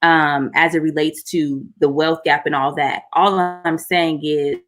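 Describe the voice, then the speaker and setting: A woman guest in a casual group discussion, speaking softly and deliberately. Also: low voice, fairly even intonation. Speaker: panel guest.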